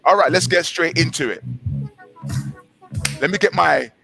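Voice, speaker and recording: A man hosting a morning motivational livestream, leading breathing exercises, repeating affirmations and giving viewer shout-outs. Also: medium pitch, vocal fry. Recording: music playing softly behind.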